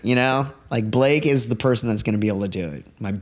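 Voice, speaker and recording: Speaking quickly in a mid-range voice, a man rambles through a story as a casual podcast guest. He relies on "like" constantly, and the setting is a living room.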